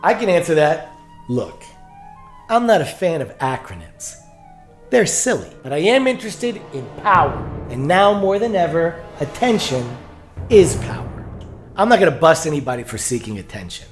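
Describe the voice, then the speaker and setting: A man's voice: a little high, big pitch swings, normal speed, faint music behind. A man narrating in a dry, hard-boiled detective manner. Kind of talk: scripted detective-style narration.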